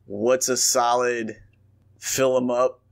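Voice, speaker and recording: A man's voice: medium pitch, flat delivery, slow, gravelly, clean tone. A man co-hosting a podcast, talking in a laid-back, profane, chatty way. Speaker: podcast co-host. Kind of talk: casual chat.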